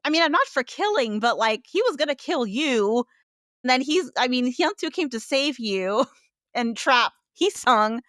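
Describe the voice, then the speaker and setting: Woman, podcast co-host, bright higher register, excitable recapper, dry close sound. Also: a little slow, no echo. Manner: animated, acts out characters' lines. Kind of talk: casual review chat.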